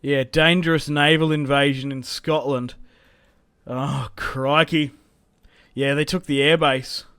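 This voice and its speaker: Excitable young man thinking aloud. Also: on the high side, takes it slowly, clear, resonant tone, no echo, studio quality. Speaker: gaming channel host. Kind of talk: live strategy game commentary.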